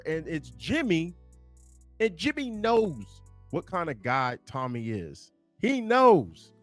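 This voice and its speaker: A man from Kansas giving a casual, animated film commentary, swearing freely and acting out the lines he quotes. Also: high-pitched, slow pace, dry recording, soft background music. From Kansas, USA. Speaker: movie review YouTuber.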